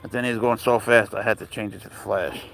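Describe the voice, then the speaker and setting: A man's voice: on the low side, fairly even intonation, fast, vocal fry, fairly bright tone. A man livestreaming while walking his cat outdoors in a park, talking casually in a blunt, profane, rambling way and answering chat messages aloud.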